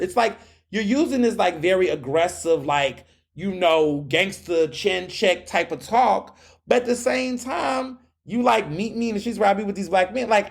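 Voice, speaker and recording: A man in his thirties hosting a solo commentary podcast, talking in a sassy, animated way, firing back mocking retorts. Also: extremely high pitch, vocal fry, husky. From United States. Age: 30s. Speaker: podcast host.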